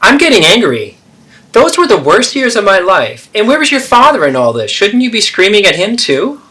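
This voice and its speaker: A man's voice: fairly high pitch, sing-song, moderate pace, a bit bright. A man voicing a defensive, self-pitying middle-aged mother who deflects and guilt-trips in a therapeutic role-play.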